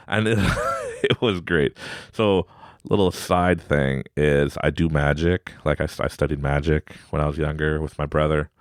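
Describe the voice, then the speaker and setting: A man's voice: very deep voice, normal speed, dry recording, studio quality. A man hosting a podcast, telling a story casually with frequent laughter and acted-out voices. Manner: animated, laughs often, acts out voices. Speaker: podcast host.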